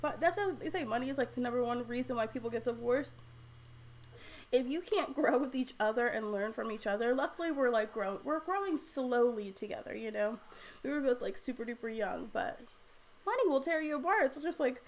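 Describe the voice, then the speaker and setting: A young woman hosts a casual livestream from home at a desk microphone, reading viewer comments aloud and chatting with many fillers and frequent laughter. Her voice is on the high side and fairly quick, with slight background noise.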